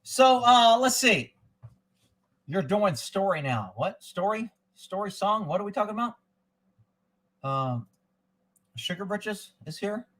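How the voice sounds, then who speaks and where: A high-pitched man with a twang rants in a loose, folksy way and swears freely. His talk wanders from one gripe to the next like casual chat on a live stream. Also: big pitch swings, slow pace, long pauses, a bit bright, low-quality recording. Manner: folksy, profane, rambling, with drinking asides. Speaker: livestream host. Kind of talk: casual political rant.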